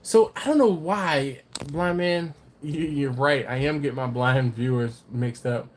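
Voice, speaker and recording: A man's voice: medium pitch, measured pace. A man hosting a casual livestream, rambling and teasing while reading out viewer comments, a little tipsy from drinking. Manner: rambling, laughs often, teasing. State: has been drinking. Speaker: livestream host. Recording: faint background noise.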